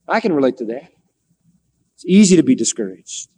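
A man preaching a folksy sermon, acting out voices of biblical figures with wide swings in pitch. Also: very animated, a little fast, mellow, husky. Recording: long hall reverb.

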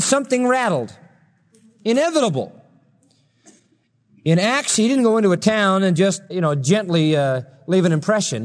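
A man's voice: high-pitched, long reverb tail. A man preaching a sermon, acting out quoted lines with a raised voice between plain explanation. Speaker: pastor.

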